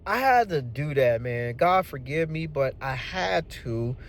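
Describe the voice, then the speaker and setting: A man telling a personal work story in a casual, animated, slangy way, as a channel host. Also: fairly high pitch, a little slow. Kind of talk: storytelling vlog.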